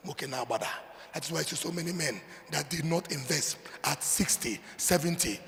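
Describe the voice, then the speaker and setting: A Nigerian man preaches from the pulpit in a high voice. He hammers points loudly and then falls to quiet, low asides. A long reverb from the hall trails his words. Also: animated, a little fast, creaky. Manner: emphatic preaching, swinging between loud declarations and low asides. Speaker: pastor. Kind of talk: sermon.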